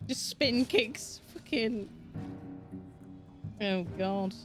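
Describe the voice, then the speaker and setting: Brief: female streamer, Yorkshire accent, higher pitch, loose chatty swearing, soft music bed. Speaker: streamer with a virtual avatar. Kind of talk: casual gaming stream chat.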